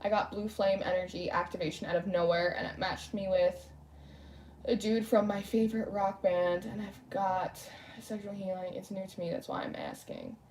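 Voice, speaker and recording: A woman's voice: mid-range voice, very animated, normal speed, a little mellow, a little hiss or hum. A young woman chatting casually on a livestream as a tarot reader, rambling as she reads and answers viewer comments. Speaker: tarot reader streaming live. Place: home room lit by candles.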